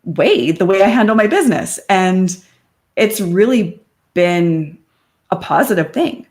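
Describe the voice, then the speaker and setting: Woman telling her story, low-pitched voice. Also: a little slow. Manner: open and conversational, quotes friends in lively voices. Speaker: podcast guest. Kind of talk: candid personal interview.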